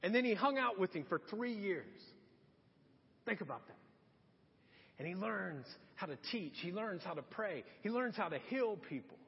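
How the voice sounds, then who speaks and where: In a church sanctuary, a male pastor delivers a sermon at a moderate pace in a very high, husky voice, telling the story energetically and acting out each quote. The audio is muffled and lo-fi, with a long reverb from the hall.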